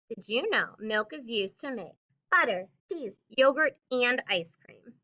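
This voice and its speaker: A woman teacher reading a picture book aloud to children with expressive storybook delivery, then talking through the lesson. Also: mid-range voice, unhurried, highs cut off.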